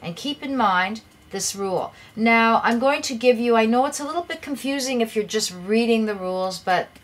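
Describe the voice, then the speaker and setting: A woman's voice: fairly high pitch, moderate pace. A woman teaching an English grammar lesson, patiently explaining rules and reading example sentences aloud with emphasis.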